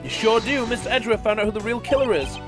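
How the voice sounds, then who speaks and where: A man's voice: fast, over music, natural voice. A man voicing a cheerful young woman who talks in a perky, raised voice. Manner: perky, high, excited.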